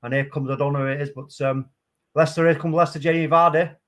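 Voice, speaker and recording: Excitable football fan commentating. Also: male voice, a little high, quick pace. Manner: excitable, swings from calm play-by-play to loud outbursts. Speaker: watchalong host. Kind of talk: live match commentary.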